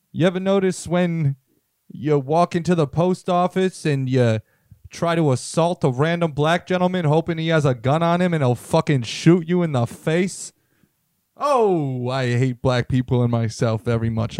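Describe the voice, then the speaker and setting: A man's voice: fairly high pitch, clear, resonant tone, no room sound, studio quality. A man co-hosting a podcast, trading crude comic bits and jumping into silly voices. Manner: loud, jumps into put-on voices and shrieks. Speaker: podcast co-host. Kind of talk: crude comedic banter.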